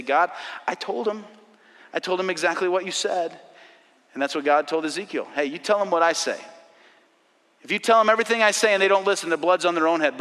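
Bright-voiced preacher in a reverberant church. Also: male voice, on the high side. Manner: urgent preaching with rhetorical questions. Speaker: pastor. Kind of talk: sermon. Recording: long hall reverb.

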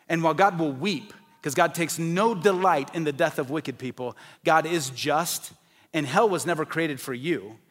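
A man preaching an evangelistic sermon, emphatic, rising to forceful peaks and dropping low, sometimes acting out the voices of doubters.

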